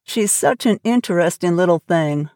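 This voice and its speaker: A woman voicing a shy, quiet elderly farmer who speaks with a gentle drawl. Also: lowish voice, animated, moderate pace, dry recording, clean studio sound, natural voice.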